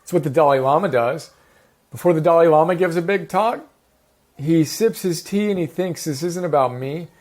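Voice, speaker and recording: A man with a fairly high voice teaches a self-improvement class in a loose, casual way. He talks with lots of energy and enthusiasm and often corrects himself mid-sentence. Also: normal speed, a little mellow. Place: home in the countryside.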